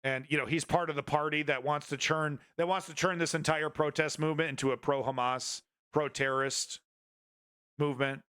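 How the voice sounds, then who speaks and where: Male stream host, slightly high and bright voice, blunt and rambling, swears freely. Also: fairly even intonation, a little fast, clean tone. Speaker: news commentary host. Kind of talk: casual political commentary stream.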